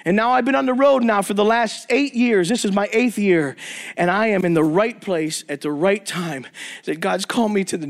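A middle-aged man preaching to men, telling a story and praying, emphatic and repeating phrases for effect. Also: sits high. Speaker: traveling preacher. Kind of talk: sermon with storytelling and prayer.

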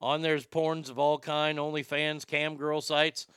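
A man's voice: fairly high pitch, flat delivery, unhurried, fairly bright tone, smooth, no room sound, clean studio sound. A man hosting a comedy podcast, rambling and joking crudely, often stammering and repeating words. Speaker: podcast host.

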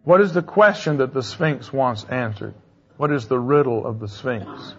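A man's voice: mid-range voice, moderate pace, slightly rough, highs cut off. A man giving a classroom lecture in a conversational way, quizzing his students with questions as he goes.

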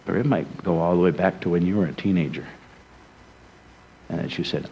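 A man from Rhode Island preaching a sermon as a story, swinging between emphatic passages and hushed, soft ones. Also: deep voice, brisk, pauses often, muffled recording, a little hiss or hum. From Rhode Island, USA.

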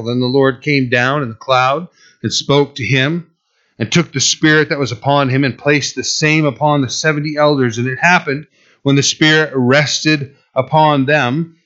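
A man's voice: a little high, a bit bright. Man preaching a conversational sermon. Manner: conversational preaching, sarcastic asides. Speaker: pastor. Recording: muffled lo-fi recording.

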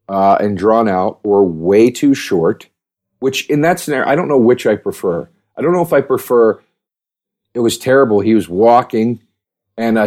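Warm and mid-range, the voice belongs to a man hosting a podcast. His talk is a rambling, easygoing monologue packed with restarts and fillers, "like" above all.

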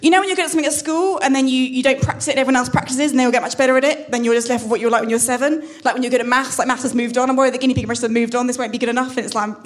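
Woman, stand-up comedian, high voice, quick delivery, halting and self-deprecating. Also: steady tone. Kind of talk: stand-up set. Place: comedy club stage.

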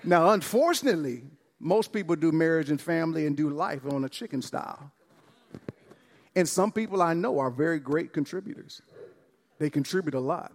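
At a church service, a male pastor preaches exuberantly to the congregation, calling out to them. His voice is a little high and expressive, at a moderate pace, and it echoes in a large hall.

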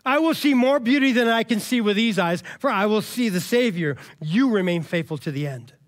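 A steadfast young man, loving yet defiant, speaking his vows in a raised voice that sits well above a preacher's usual range, as a man acts him out in a sermon. He sounds lively and driven, high for a man. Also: a little fast. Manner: strong, loving, defiant declarations. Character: young male believer, steadfast and loving under torture.

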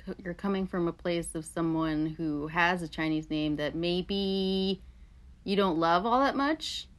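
A woman's voice: lowish voice, a little slow. A woman hosting a casual podcast chat, teasing her guest with jokey interjections. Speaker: podcast host.

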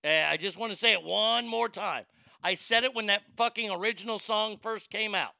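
A blunt, profane man hosting a talk show, rambling and restarting his sentences as he goes. His voice sits high for a man, with a gravelly, fried edge and a very bright, forceful tone. It is recorded dry and close, with no room sound. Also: moderate pace, no echo. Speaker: podcast host. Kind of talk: casual opinionated chat.

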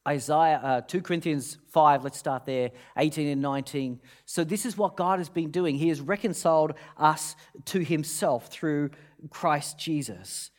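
A man's voice: fairly high pitch, measured pace. A man preaching a sermon, telling a long humorous story with many restarts before turning to scripture. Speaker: pastor.

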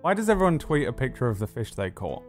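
A man's voice: mid-range voice, sing-song, fast talker, faint music behind. A man hosting a live stream as dungeon master, chatting casually in a teasing, rambling way.

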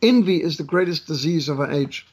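Husky-voiced man lecturing emphatically. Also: on the high side, expressive, fairly quick. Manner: emphatic, repetitive, preacher-like cadence. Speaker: guest speaker, missionary. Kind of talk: lecturing with anecdotes and jokes.

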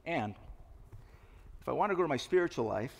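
A man's voice: a little high, lively intonation, moderate pace, creaky. A man in his sixties preaching a sermon, telling confessional stories with self-mocking humor. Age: 60s. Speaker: pastor. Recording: long reverb of a large hall.

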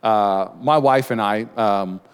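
A man preaching a sermon as pastor, animated, dramatizing quotes and calling out to the congregation. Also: on the low side, takes it slowly, clean tone, in a large hall. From United States.

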